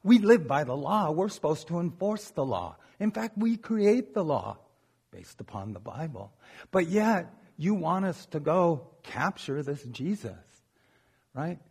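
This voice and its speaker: A man's voice: on the high side, sing-song, unhurried, creaky, darkish tone, husky. A man preaching a sermon in a conversational, joking way, often checking in with "okay?".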